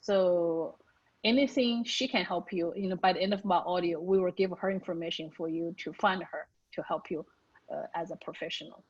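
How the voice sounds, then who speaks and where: Woman interview host, encouraging, filler-heavy casual speech, breathy voice, dead-dry room. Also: on the low side, normal speed, no echo. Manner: earnest and encouraging, frequent fillers and "you know". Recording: dry, dull lo-fi recording.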